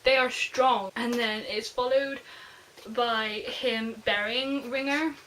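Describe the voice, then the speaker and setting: A woman's voice: on the high side, steady tone, takes it slowly, a bit bright, slight background noise, rough recording. A young woman gushing emotionally through a casual book review on her vlog. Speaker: book vlogger.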